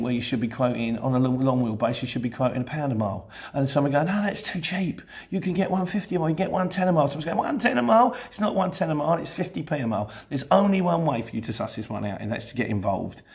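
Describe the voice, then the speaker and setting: A man's voice: lowish voice, creaky, darkish tone. A man from England, casually answering viewer questions about running a van business, rambling and frank with many restarts. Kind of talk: casual Q&A chat.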